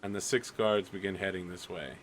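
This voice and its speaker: A man's voice: sits low, fairly even intonation, fairly quick. A man running a tabletop game as game master, describing scenes casually with many fillers.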